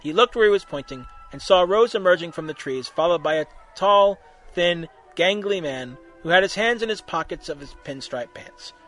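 A man reading a fan-made story aloud, narrating in a lively, wry way. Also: sits high, moderate pace, soft background music.

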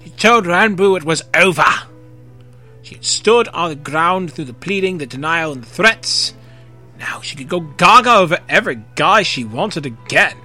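A man reading fan fiction aloud, expressive, with occasional slips and rereads. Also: fairly high pitch, moderate pace, soft background music. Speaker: narrator.

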